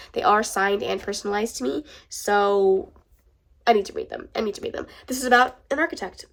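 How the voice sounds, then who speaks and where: Fast-talking stuffed-up woman gushing. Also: a little high, vocal fry. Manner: gushing, chatty, swears casually. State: stuffed-up nose. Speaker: book vlogger. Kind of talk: casual chat.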